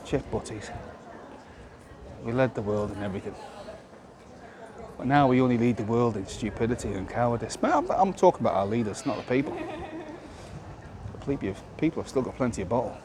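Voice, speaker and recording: A man's voice: mid-range voice, normal speed, long pauses, a crowd in the background. Opinionated man rambling outdoors. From Britain. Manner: rambling, opinionated, with rhetorical questions. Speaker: vlogger. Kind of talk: casual walking monologue. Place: outdoors in a town. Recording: outdoor street noise.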